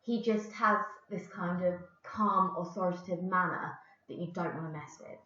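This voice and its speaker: A woman's voice: on the low side, moderate pace, sharp tone. A woman English teacher giving a recorded lesson, explaining patiently with the odd filler. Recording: roomy, dull lo-fi recording.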